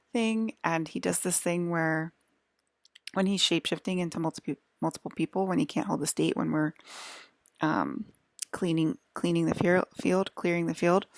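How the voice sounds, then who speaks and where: A woman vlogger talks to her camera in a loose, rambling monologue, halting with many restarts and fillers and sometimes drifting into a whisper. Her voice is low with a gravelly fry. The recording is close and dry, with no echo or room sound.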